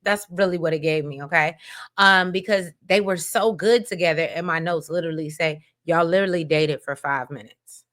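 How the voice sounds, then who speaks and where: A woman with a bright, forceful voice chats through a soap opera recap like she's catching up with friends. She keeps calling her viewers y'all and slips into the characters' lines as she retells the episode. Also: fairly low pitch, moderate pace. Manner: chatty, addresses viewers as y'all, drops into quoted voices. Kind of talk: casual chatty recap to viewers.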